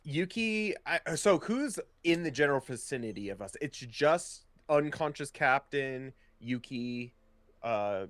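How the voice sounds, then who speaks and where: A man's voice: medium pitch, expressive, unhurried, a bit bright, no echo. A man playing a tabletop game, asking questions and describing his character's actions. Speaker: player. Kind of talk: casual tabletop play.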